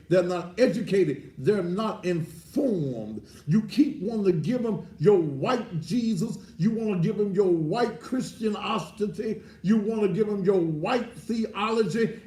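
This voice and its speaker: Middle-aged preacher man, blunt and cussing, slow talker, kinda far off in an echoey room. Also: sits high. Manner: blunt, fiery preaching with profanity. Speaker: pastor. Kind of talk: sermon-style address. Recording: roomy echo, distant from the mic.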